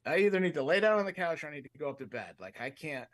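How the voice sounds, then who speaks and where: Rambling, animated man telling a story. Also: fairly high pitch, very fast. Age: adult, with a fiance. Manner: rambling, animated, self-interrupting, laughs mid-sentence. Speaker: podcast co-host. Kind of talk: casual comedic storytelling.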